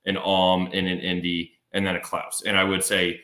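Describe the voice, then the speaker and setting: A man with an American Midwest accent, co-hosting a sports podcast in a lively, jokey way full of fillers. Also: low-pitched, normal speed, echoey room. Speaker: podcast co-host. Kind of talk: casual sports podcast chat with ad reads.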